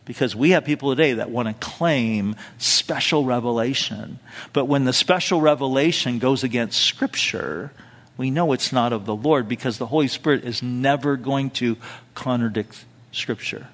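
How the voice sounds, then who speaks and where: A man's voice: mid-range voice, moderate pace, fairly bright tone. Conversational male pastor, reverberant hall. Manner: conversational, with asides and rhetorical questions. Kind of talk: expository sermon.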